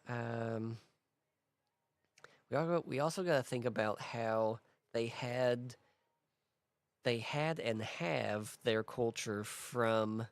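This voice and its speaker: A man's voice: mid-range voice, no echo. A man hosting a casual worldbuilding talk, thinking aloud in a rambling way with restarts and small laughs. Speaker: host.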